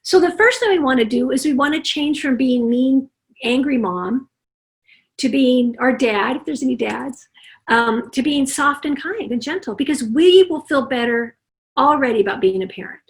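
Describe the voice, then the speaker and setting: A middle-aged woman with a high-pitched voice speaks over a video call as a parenting consultant. She talks with animation and slips into the voices of parents and children as she gives her examples. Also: lively intonation, moderate pace. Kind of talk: summit talk on parenting.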